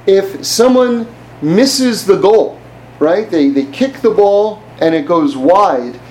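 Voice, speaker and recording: A man's voice: high voice, expressive, slow, darkish tone, rough recording. A man giving an informal religious class in a conversational way, often asking the listener rhetorical questions. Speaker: Torah teacher.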